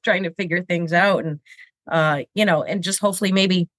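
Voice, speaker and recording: Recorded on a video camera without echo, this show host in her fifties sounds congested from a cold. Her voice is on the low side and fairly bright at a moderate pace, and her casual confessional chat is candid, self-deprecating and rambling, with many restarts.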